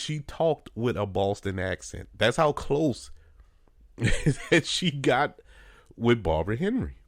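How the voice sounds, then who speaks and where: A radio host from New Orleans, an earnest man with a lowish voice, offers casual spoken commentary in a dry studio with no room sound. He talks conversationally and uses many fillers.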